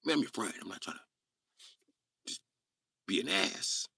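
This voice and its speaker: A man's voice: fairly low pitch, expressive, moderate pace, gravelly, bright, forceful tone, breathy edge, no room sound. A man chatting casually on his live stream, joking and cursing freely. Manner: crude, profane, joking. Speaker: livestreamer.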